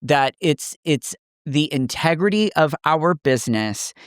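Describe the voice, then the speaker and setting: Co-host, makeup artist, slow and smooth, thoughtful chat delivery. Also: medium pitch, expressive, dry recording, clean studio sound. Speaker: podcast co-host. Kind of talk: casual podcast chat.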